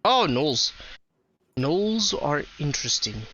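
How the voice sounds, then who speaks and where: A man voicing a male dwarf librarian who talks in a brisk, matter-of-fact way. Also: a little high, sing-song, a bit bright, dull audio, exaggerated voice. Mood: explaining.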